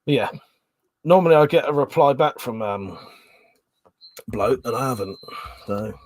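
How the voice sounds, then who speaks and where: A man's voice: medium pitch, expressive, a little slow, no echo. A Scottish-born man with a Manchester accent hosting a casual livestream, rambling, swearing and laughing as he reads out chat messages. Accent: Manchester English. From Scotland. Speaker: livestream host. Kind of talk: casual chat reading live comments.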